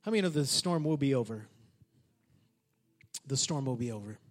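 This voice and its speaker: A male pastor preaching a sermon in an animated, conversational way, often turning to the congregation with questions. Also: mid-range voice, normal speed, soft background music.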